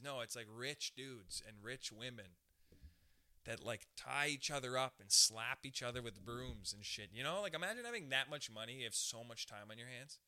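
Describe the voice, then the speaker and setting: A male comedian riffs loosely on his podcast, profane and animated. His voice is very bright and sharp-edged, with a zippy, brash tone that comes at you quickly. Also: medium pitch. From Canada. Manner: profane, fast, animated, riffing. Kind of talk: casual rambling monologue.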